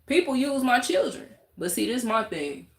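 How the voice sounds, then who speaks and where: Very animated and a little high-pitched, with a creaky quality, this vlogger rants to camera at a moderate pace. She repeats her points emphatically, talks with her hands, and her voice reverberates in the room.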